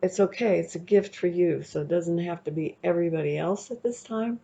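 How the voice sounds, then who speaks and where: A woman's voice: lowish voice, brisk, gravelly, dark tone. A woman giving a casual, chatty tarot reading, rambling a little and often checking in with the listener. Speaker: tarot reader. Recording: dull lo-fi recording.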